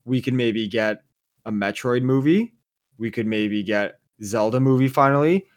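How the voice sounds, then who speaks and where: A man with a mid-range voice co-hosting a podcast. He gets excited and hyped up and talks like an eager fan. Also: medium pitch, a little slow. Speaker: podcast co-host. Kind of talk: casual chat.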